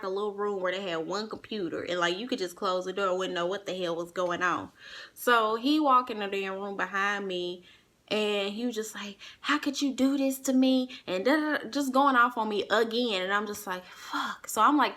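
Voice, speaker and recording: A young woman telling a personal story to her listeners in a casual, animated way, swearing freely and acting out what others said. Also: medium pitch. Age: young adult. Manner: animated, profane, acts out quoted voices.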